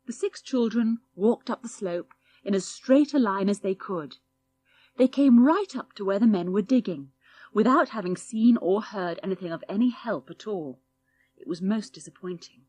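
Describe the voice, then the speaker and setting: A woman reading a children's audiobook in a lively, expressive storytelling voice. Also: mid-range voice, moderate pace. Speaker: audiobook narrator.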